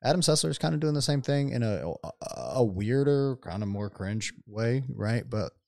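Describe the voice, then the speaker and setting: A man co-hosting a gaming podcast, chatting casually with heavy swearing and animated rants. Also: medium pitch, moderate pace, vocal fry, dry recording, studio quality. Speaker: podcast co-host. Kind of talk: casual chat.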